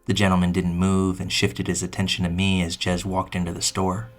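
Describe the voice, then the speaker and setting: A man reading a true first-person story aloud in measured, scripted narration. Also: low-pitched, monotone. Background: faint music.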